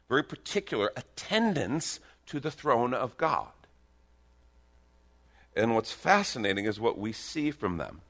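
A man preaching a sermon, emphatic and lively, swinging from soft, hushed moments to loud declarations with joking asides. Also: on the low side. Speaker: pastor.

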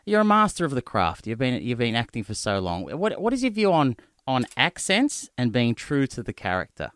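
Lively, jokey male radio host. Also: mid-range voice, normal speed, smooth, no echo, clean studio sound. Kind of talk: radio interview.

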